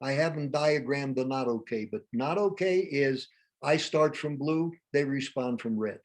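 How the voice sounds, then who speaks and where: A man presenting a live workshop in a quick, lively, humorous way. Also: mid-range voice. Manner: fast, lively, humorous delivery; acts out example dialogues with a raised voice.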